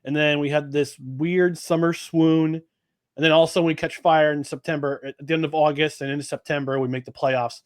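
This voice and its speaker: A man co-hosting a sports podcast, talking in an animated, exasperated way with many restarts. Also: a little high, a little fast, no room sound, clean studio sound. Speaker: podcast co-host. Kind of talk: casual sports talk.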